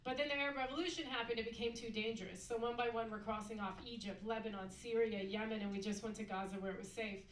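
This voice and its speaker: A woman performing a stand-up comedy set on a club stage, mixing a deadpan delivery with sudden loud mock outbursts. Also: on the high side, fast talker, few pauses, noisy background. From United States. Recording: echoey club recorded from a distance.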